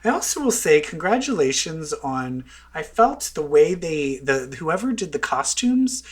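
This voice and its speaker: A man's voice: on the high side, very animated, a little slow, breathy edge. A man co-hosting a podcast in casual chat, rambling and breaking off his own sentences. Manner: rambling, self-interrupting, chatty. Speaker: podcast co-host.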